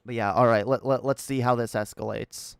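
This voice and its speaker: A man's voice: medium pitch, steady tone, brisk, gravelly, background noise. A man giving casual, profane reaction commentary on a video, incredulous and rambling. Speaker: commentary streamer.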